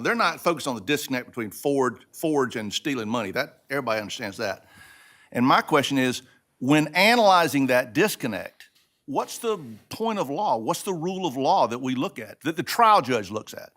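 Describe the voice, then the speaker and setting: A man sits on the bench and presses a lawyer with sharp, pointed questions. His voice is at a middle pitch. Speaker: appellate justice.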